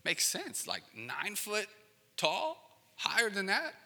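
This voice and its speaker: Male pastor, casual conversational preacher with joking asides, very bright tone, long hall reverb. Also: high voice, huge pitch swings, slow, vocal fry. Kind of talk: sermon.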